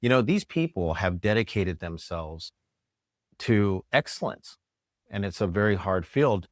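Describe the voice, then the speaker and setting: Deep-voiced man telling stories, dry sound. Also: measured pace, dry recording. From New York. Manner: animated storyteller, acts out quoted voices. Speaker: chiropractor, podcast guest. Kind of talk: casual interview storytelling.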